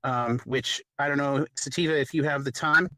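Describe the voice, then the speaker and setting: A woman hosting a podcast in casual chat, with an animated, giggly manner and hesitant fillers. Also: sits low, normal speed, no echo. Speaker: podcast host.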